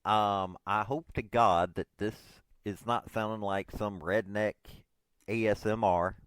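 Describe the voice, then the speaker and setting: A man's voice: fairly low pitch, fairly even intonation, unhurried, a bit bright, clean tone, dry recording. A man in his forties, hosting his own podcast, rambles casually and self-deprecatingly, with lots of hesitant fillers. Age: 40s. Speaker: podcast host.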